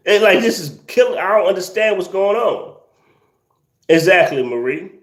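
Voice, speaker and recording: A man's voice: high-pitched, expressive, moderate pace, roomy sound. A man hosting a casual livestream, reading viewer comments and ranting with incredulous laughter and slang.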